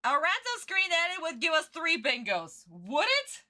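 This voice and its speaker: A woman's voice: extremely high pitch, huge pitch swings, normal speed, sharp tone. A woman streamer giving a casual reaction commentary, ranting and swearing in frustration.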